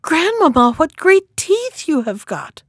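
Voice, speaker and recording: A woman voicing an innocent, trusting little girl in a storybook reading, with a high, wondering voice. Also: very animated, no echo, clean studio sound. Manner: high, wondering, drawn-out questions.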